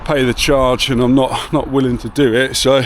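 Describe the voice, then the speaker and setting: Man, rambling casual vlog talk, mid-pitched voice, street noise behind. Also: little pitch movement, normal speed. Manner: chatty, rambling, laid-back with swearing. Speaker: vlogger. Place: outdoors on town streets and in a car.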